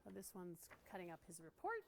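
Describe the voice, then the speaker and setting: A woman's voice: fairly low pitch, huge pitch swings, brisk, creaky, a little hiss or hum. A woman giving a casual training talk to art teachers, chatty and laughing often as she acts out what kids say.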